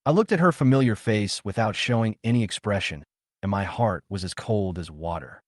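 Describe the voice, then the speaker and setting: A man narrating a first-person story recap in a calm, steady storytelling manner. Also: on the low side, moderate pace, dry recording, studio quality.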